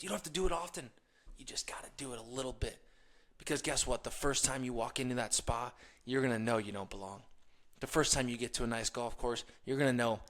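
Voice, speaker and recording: A man giving a motivational talk as host, telling stories with energy and shifting between hushed asides and loud emphasis. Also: medium pitch, brisk. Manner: energetic storytelling, laughs while telling stories. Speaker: podcast host.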